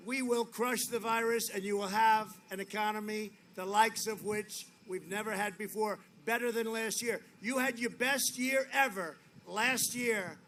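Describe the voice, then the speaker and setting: A man's voice: high-pitched, steady tone, measured pace, few pauses, fairly bright tone. A man giving a rambling, boastful campaign rally speech, repeating his lines often, on a podium microphone outdoors. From United States. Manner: boastful, repetitive, rambling asides. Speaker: political candidate. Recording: noisy outdoor rally feed.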